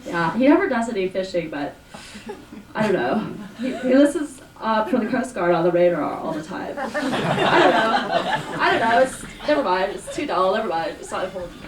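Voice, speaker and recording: A woman's voice: medium pitch, sing-song, moderate pace, a crowd in the background, close to an everyday voice. A woman playing a chatty teenage girl on the phone, giggly and full of odd big words, in a solo stage monologue. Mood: giddy. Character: chatty teenage girl, dreamy, dramatic vocabulary. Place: small performance space. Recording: roomy, distant live VHS recording.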